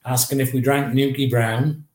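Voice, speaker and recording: A man in his fifties with a Northeast English accent, telling lively anecdotes as an interview guest and acting out the quotes. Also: mid-range voice, moderate pace, roomy sound, a little hiss or hum. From Northeast England. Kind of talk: storytelling in an interview.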